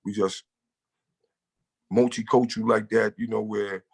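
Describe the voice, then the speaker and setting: A man's voice: fairly low pitch, little pitch movement, unhurried, creaky, breathy edge. A man from the Bronx with a New York accent, talking loosely as an interview guest and leaning on "you know". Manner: loose, street-casual, leans on "you know". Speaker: guest, hip-hop artist. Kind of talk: casual interview talk.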